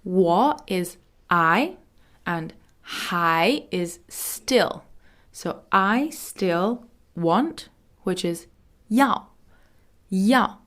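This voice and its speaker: A woman hosting a language lesson podcast, explaining phrases in a chatty way and saying model words slowly and carefully. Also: mid-range voice, expressive, fairly bright tone. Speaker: Mandarin teacher.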